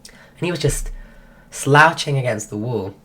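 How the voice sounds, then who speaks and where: Very low-voiced woman losing her voice. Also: expressive, measured pace, pushed and bright, slightly rough. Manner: rambling, full of restarts. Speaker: streamer. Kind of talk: casual storytelling.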